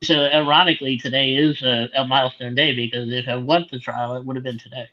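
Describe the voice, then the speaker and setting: A man's voice: mid-range voice, steady tone, fast talker, sharp tone, lo-fi sound. A man being interviewed as a guest, talking hesitantly and trailing off with many ums. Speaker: guest awaiting sentencing. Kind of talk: casual interview talk.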